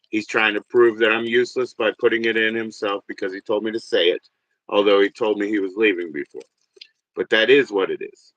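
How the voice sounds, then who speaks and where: A man in his forties hosting a livestream, rambling and swearing, jumping from loud bursts to mutters. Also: medium pitch, no room sound, poor audio. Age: 40s. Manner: rambling, profane, swings between loud and muttered. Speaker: livestream host. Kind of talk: casual livestream rant.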